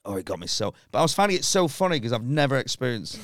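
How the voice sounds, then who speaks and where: Man, comic storyteller, lively upper-middle voice, close dry mic. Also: mid-range voice, fast talker, dry recording. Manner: animated, acts out dialogue in raised voice. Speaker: comedian guest. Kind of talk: casual storytelling chat.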